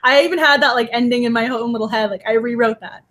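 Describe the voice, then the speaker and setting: Gushing, excitable woman co-host with a high voice for a book talk show. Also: quick pace. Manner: gushing, laughs often, restarts. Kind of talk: casual book discussion.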